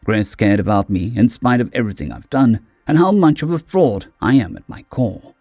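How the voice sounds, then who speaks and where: A man narrating a first-person audiobook in an expressive, dramatic way on a close mic. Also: lowish voice, normal speed, dry recording, faint music behind.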